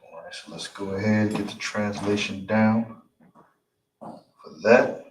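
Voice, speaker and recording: A man teaching a language class, saying each word slowly and patiently and repeating it. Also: lowish voice, steady tone, noisy background. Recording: roomy, distant mic with clatter.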